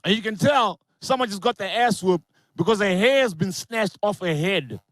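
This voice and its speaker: A man doing a crude, animated online stand-up set, slipping into character voices. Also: sits high, normal speed, no room sound. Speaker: stand-up comedian.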